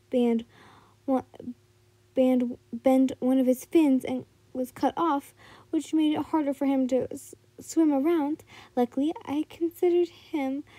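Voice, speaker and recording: A woman's voice: high-pitched, mellow, no room sound. A woman voicing a friendly young woman who cares for sea animals, in a fan fiction reading. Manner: friendly, cheerful. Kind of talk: fan fiction read aloud.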